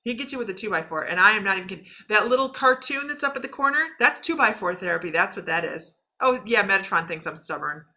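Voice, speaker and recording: A middle-aged woman talks loosely and warmly to her livestream viewers as a shaman and intuitive reader. Her voice is bright and forward at an average pitch. She laughs often and calls out viewers by name as she goes. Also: expressive, quick pace, few pauses. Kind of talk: casual livestream chat.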